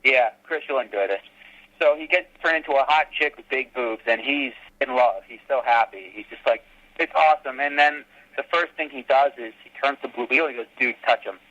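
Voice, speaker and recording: Lively man telling stories, lo-fi sound. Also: mid-range voice, a little fast. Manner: animated storyteller acting out quotes. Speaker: fan filmmaker guest. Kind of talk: casual podcast interview.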